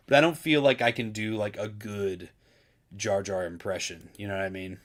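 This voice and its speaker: A man's voice: lowish voice, animated, moderate pace, sharp tone. A man hosting a live stream, talking casually and loosely with lots of "dude" and "like". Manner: laid-back, chatty, full of fillers like "dude".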